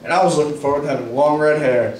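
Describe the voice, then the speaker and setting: A man's voice: fairly high pitch, very fast, a little mellow. A man doing a stand-up comedy set in a club bar, telling crude stories and acting out what people said. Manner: profane storytelling, acting out quoted lines. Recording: echoey room, distant mic, club noise.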